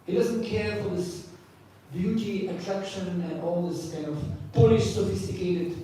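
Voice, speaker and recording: Guy teaching a scripture class, high voice, booming echo, mic far off, faint room hum. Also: fairly even intonation, unhurried, dark tone. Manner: emphatic, repeats key phrases, asks and answers own questions. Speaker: spiritual teacher. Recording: echoey hall from far off.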